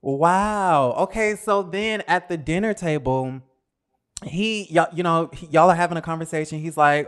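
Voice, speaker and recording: A man's voice: a little high, moderate pace, a bit bright, smooth. A man hosting a casual interview, asking probing questions and giving many short backchannel replies. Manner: conversational, probing, frequent "mm-hmm" backchannels. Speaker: host, interviewer.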